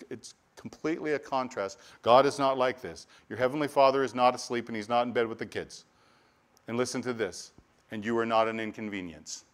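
A male pastor preaching a sermon, earnest and conversational, often restarting and repeating words, lively when telling stories. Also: mid-range voice. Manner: earnest preaching with repetitions and restarts, animated storytelling asides.

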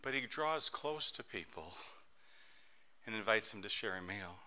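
A middle-aged man preaching a sermon as pastor, telling stories in an animated way that swings between soft and loud. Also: lowish voice, normal speed.

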